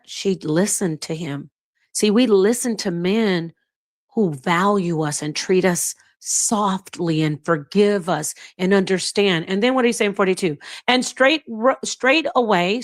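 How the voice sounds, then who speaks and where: Middle-aged woman host, blunt and sassy, reads chat with animated outbursts. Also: medium pitch. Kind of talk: livestream commentary reading chat.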